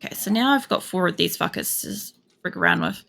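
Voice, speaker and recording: Gravelly Australian woman gaming. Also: on the low side, huge pitch swings, quick pace, fairly bright tone. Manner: rambling, chatty, swears freely. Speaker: game streamer. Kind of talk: casual chat while playing. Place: home computer setup.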